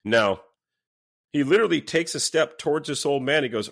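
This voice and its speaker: A former police officer with a fairly high, gravelly voice tells a story at a moderate pace in a casual podcast interview. He is animated, swears freely, and acts out the lines people said.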